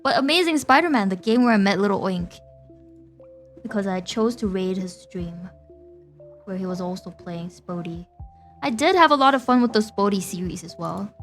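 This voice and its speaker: A woman's voice: mid-range voice, animated, moderate pace, faint music behind. A young woman VTuber streamer chatting casually with her viewers, giggly and talkative, often laughing between phrases.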